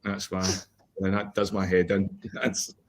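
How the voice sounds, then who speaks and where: A man on a podcast, ranting in an animated, complaining way during casual chat. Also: low voice, unhurried. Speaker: podcast co-host.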